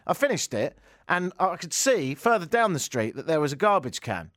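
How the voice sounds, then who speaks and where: A man's voice: a little high, very animated, quick pace, fairly bright tone, no room sound, clean studio sound. A man telling a comic story, sardonic and given to ranting outbursts. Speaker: comedian. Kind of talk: stand-up anecdote.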